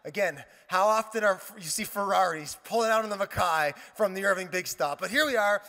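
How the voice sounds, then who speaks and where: A male pastor preaching a sermon, telling a lively story with quoted dialogue and joking asides. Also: high-pitched, fairly quick. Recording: reverberant hall.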